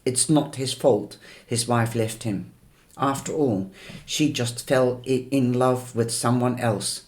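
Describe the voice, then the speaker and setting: A man reading a first-person novel aloud as an audiobook narrator, in a measured, deliberate way. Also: mid-range voice, fairly even intonation, a little mellow. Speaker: audiobook reader.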